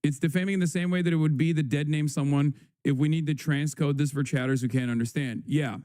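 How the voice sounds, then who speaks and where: A male livestream host in casual news commentary, rambling and sarcastic with crude asides. His voice sits slightly high yet warm. The sound is close and dry. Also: fairly even intonation, fast, dry recording.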